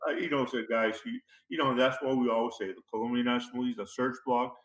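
A man's voice: medium pitch, steady tone, quick pace. A man talking as an interview guest, emphatic and fond of repeating key phrases. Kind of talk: casual interview talk. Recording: roomy echo.

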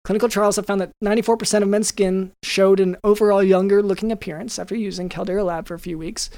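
With a high voice, a darkish tone, and fairly even intonation, a man talks quickly through a podcast sponsor segment. He's a co-host riffing the ad in a jokey, meandering way, restarting often. The recording is dry.

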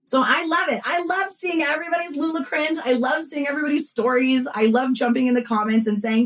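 A woman in her thirties who hosts a podcast, talking casually in an animated way and acting out what others said. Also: sits high, a little fast, hardly any pauses, poor audio. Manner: animated storytelling, acts out quotes, frequent fillers. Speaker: podcast host and former consultant. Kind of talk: casual conversational interview.

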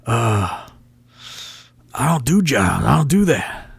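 A man's voice: medium pitch, very animated, takes it slowly, vocal fry, slightly rough, dry recording, voice pushed up, exaggerated voice. A man doing an impression of a stubborn older male veteran wrestler who insists and repeats himself. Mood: insistent.

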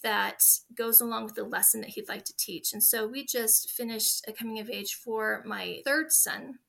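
A woman in her forties talks as an interview guest, sharing stories earnestly and from the heart. Her voice is bright and clear, and it sits a little above the usual pitch for a woman. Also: fairly even intonation, moderate pace. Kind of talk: interview conversation.

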